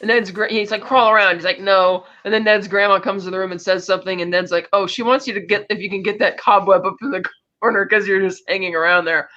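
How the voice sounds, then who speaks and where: A man co-hosting a casual movie review chat, rapidly recapping the plot and acting out the characters' lines. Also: high-pitched, steady tone, bright, forceful tone, lo-fi sound. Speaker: podcast co-host.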